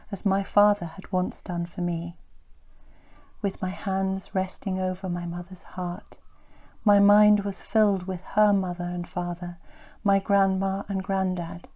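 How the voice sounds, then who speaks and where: A middle-aged woman reads her own memoir aloud, softly and reflectively, often dropping to a breathy near-whisper. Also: medium pitch, highs cut off. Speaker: author reading her memoir. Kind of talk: audiobook memoir narration.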